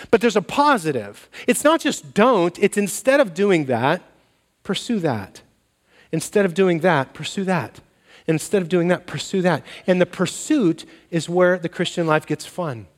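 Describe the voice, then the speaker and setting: A man preaching a sermon as pastor, telling stories and acting out bits of dialogue. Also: high-pitched. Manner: animated storytelling, acts out dialogue. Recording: long reverb of a large hall.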